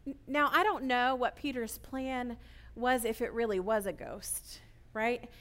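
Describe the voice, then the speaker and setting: A woman preaching an earnest sermon, often checking in with listeners with a quick "right?". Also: on the high side, fairly bright tone.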